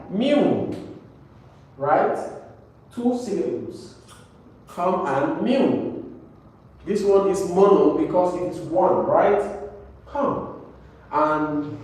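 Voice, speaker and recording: A man's voice: on the high side, a little mellow. A man teaching an English class, repeating words and often checking with "right?". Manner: repetitive, checks understanding with "right?". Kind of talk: classroom lesson. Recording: very echoey room, mic far off, faint noise.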